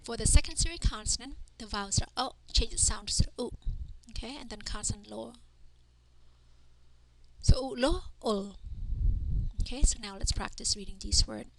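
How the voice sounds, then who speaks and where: A woman's voice: fairly high pitch, fairly quick, gravelly, hardly any pauses, a little hiss or hum. Patient woman sounding out syllables. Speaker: language teacher. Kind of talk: slow spelled-out reading lesson.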